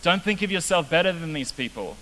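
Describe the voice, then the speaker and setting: A man's voice: a little high, lively intonation, fairly quick, sharp tone. A young man preaching a casual, joking sermon as a youth pastor. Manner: casual, joking, self-deprecating. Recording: reverberant hall with faint hiss.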